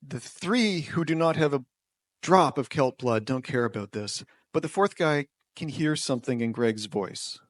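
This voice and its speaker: A man's voice: medium pitch, animated, unhurried, dry recording. Wry male storyteller, dry sound. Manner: wry, self-deprecating, with nervous restarts. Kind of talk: live personal storytelling. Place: small performance venue.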